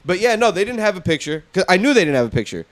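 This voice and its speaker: A young man co-hosting a podcast, telling a story in a casual, animated way, swearing and acting out what people said. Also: sits high. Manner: fast, animated, swearing, acts out quotes. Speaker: podcast co-host.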